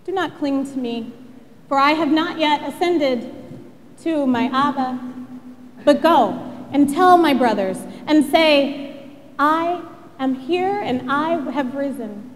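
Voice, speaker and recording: A woman preacher voicing a gentle, commanding male teacher, in a measured, solemn way. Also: high-pitched, animated, in a large hall, a little hiss or hum.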